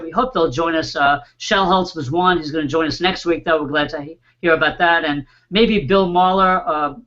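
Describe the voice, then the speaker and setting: Man, host, online panel, friendly, fairly high voice, muffled webcast audio. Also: bright, forceful tone. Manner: friendly, introduces guests with small fillers. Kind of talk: online panel show hosting.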